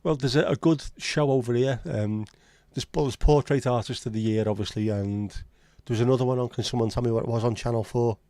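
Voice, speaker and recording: A man with a Scouse accent hosts a relaxed livestream chat. His voice is mellow and warm, recorded close and dry. He talks in blunt, sweary banter as he reads and answers comments. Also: medium pitch, brisk, few pauses, no echo. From Liverpool, England. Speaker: livestream host. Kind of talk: casual chat reading live comments.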